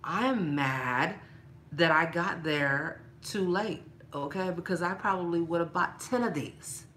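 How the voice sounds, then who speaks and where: A low-pitched woman with a bright, forceful tone chats playfully straight to her viewers in a casual haul vlog. She laughs often and talks at an unhurried pace. Faint room noise sits behind her. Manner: animated, rises high when mock-angry. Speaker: vlogger showing a shopping haul.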